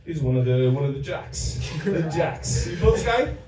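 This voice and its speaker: A man doing a rambling, profane stand-up comedy set, stalling often with halting fillers. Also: on the high side, lively intonation, over music. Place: comedy club room. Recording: echoey room, distant mic, faint ambience.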